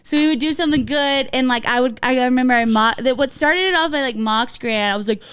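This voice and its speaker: Animated young woman telling a story. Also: high voice, a little fast, a little hiss or hum, low-quality recording. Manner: animated storyteller, swears freely, acts out quotes. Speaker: podcast co-host telling a story. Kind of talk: casual chat.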